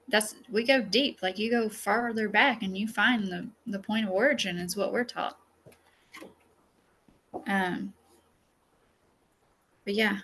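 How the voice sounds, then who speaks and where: A bright, clear-toned woman talks through her class in a loose, chatty way. She tells stories with lots of filler words, as a healer teaching her own workshop. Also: mid-range voice. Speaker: psychic healer and masterclass teacher. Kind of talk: casual spoken lesson with a personal story.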